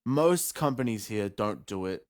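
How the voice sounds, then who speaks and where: A young man co-hosting a podcast tells a story in casual chat, rambling and swearing, growing loud with bursts of laughter. His lowish voice has lively intonation and a slightly slow pace. He seems to use a headset or desk mic at a computer.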